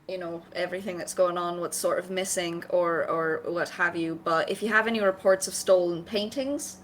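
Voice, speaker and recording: A woman's voice: on the low side, fairly even intonation, moderate pace, fairly bright tone, a little hiss or hum, rough recording. A woman playing in a tabletop game, talking in an earnest, rambling way. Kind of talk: casual chat in a tabletop game.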